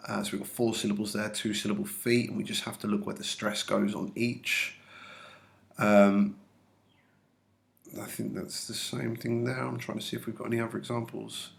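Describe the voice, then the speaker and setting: A man teaching a lesson, calmly walking through examples step by step for his students. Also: lowish voice, normal speed, vocal fry. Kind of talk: classroom lesson explanation.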